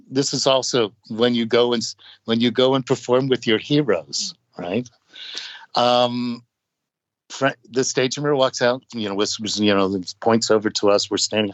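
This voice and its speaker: A man's voice: medium pitch, fairly bright tone, no echo. Older man telling rambling stories. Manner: rambling, acts out quotes of others. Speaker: guest musician. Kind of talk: casual anecdotal storytelling. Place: podcast studio. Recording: dull, dry studio audio.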